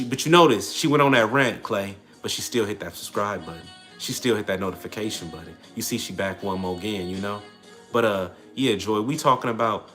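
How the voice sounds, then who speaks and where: A young man with a medium-pitched, fairly bright voice hosts a casual livestream. He answers comments brashly, full of slang and trash talk.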